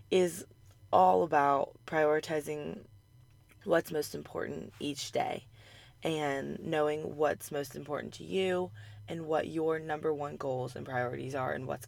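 A young woman hosting a weekly advice vlog, hoarse and raspy from a sore throat, upbeat and chatty, with frequent "like" and "um" fillers. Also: lowish voice, no echo. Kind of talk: casual advice talk.

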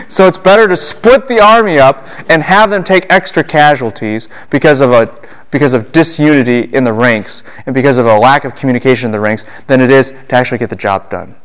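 A man lecturing a class on the Bible, animated and full of rhetorical questions. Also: medium pitch, brisk, clean tone.

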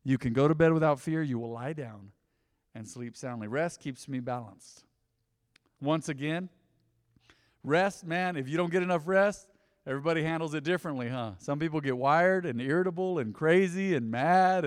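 Casual preaching man, slightly high voice. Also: expressive, moderate pace, long reverb tail. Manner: conversational preaching with rhetorical questions and asides. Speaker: pastor. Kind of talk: sermon. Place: church sanctuary.

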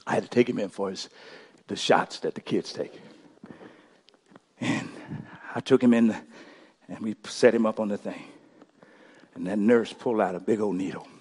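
A middle-aged male pastor preaching a sermon, swinging from quiet storytelling to shouted call-and-response. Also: lowish voice, moderate pace, long pauses, slightly rough, long reverb tail.

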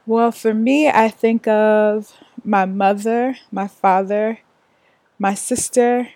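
A woman hosts a language podcast at a slow, easy pace. Her voice is dry and close, with no room around it, and she asks questions as a fellow learner. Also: mid-range voice, steady tone, a little mellow, no room sound. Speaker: podcast host. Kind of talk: podcast lesson chat.

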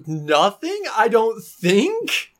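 A woman's voice: mid-range voice, huge pitch swings, very slow, voice pushed up, exaggerated voice. A woman voicing a tearful, panicky young man who stammers and breaks into nervous laughter. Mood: flustered. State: crying.

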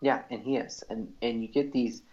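A man's voice: medium pitch, fairly even intonation, moderate pace, darkish tone. A man co-hosting a casual podcast chat, walking through comic book panels and quoting the characters. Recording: dull lo-fi audio.

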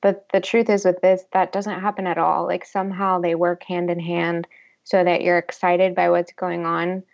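A woman's voice: fairly low pitch, level tone, normal speed, gravelly, highs cut off. A woman appearing as a podcast guest, sharing thoughtful views on a film in casual conversation. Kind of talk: casual film review chat.

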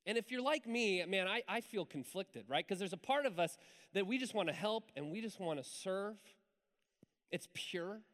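A man preaching a sermon in church, telling a story in a lively, conversational way with asides to the congregation. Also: high voice, moderate pace. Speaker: pastor. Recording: hall reverb.

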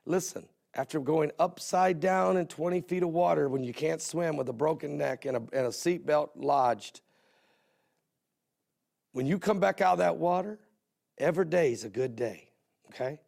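A man's voice: a little high, moderate pace, gravelly, a little mellow. A middle-aged man hosting a Christian television broadcast, telling folksy stories in a sermon style and repeating phrases for emphasis.

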